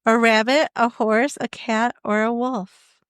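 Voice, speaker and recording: A woman's voice: a little high, steady tone, a little slow, clean tone, dry recording, studio quality. Chatty young woman reading a quiz. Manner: chatty, reads quiz options aloud with laughs. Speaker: podcast co-host. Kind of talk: casual chat.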